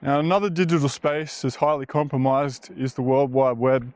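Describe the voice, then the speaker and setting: A man's voice: medium pitch, normal speed, hardly any pauses, a little mellow, no echo. A man talking bluntly and casually while walking a bush trail, rambling and swearing now and then. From Australia. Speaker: vlogger. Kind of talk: casual walking vlog monologue.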